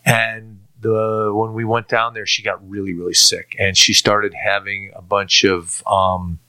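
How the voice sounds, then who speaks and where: A middle-aged man giving a personal faith testimony in an earnest, halting way, often restarting and repeating words. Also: lowish voice, little pitch movement, bright, forceful tone, clear, resonant tone. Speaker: testimony speaker.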